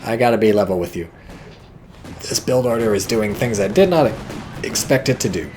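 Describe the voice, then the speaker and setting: A man giving casual, rambling game commentary, joking and swearing and getting excited as things happen. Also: fairly low pitch, normal speed, background noise. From not British. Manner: rambling, jokey, swears freely, gets excited.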